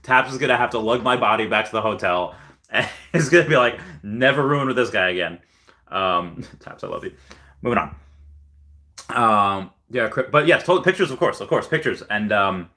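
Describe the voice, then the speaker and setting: A man's voice: on the low side, expressive, fairly quick, sharp tone. A young man casually chatting on a livestream, reading viewer comments and telling rambling, self-deprecating stories full of fillers. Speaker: livestream host.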